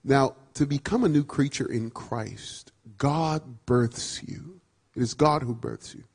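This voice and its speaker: A man preaching a sermon, emphatic and repetitive, swinging from loud declarations to quiet asides. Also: mid-range voice, slow, husky. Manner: emphatic, repeats phrases, swings between loud and soft.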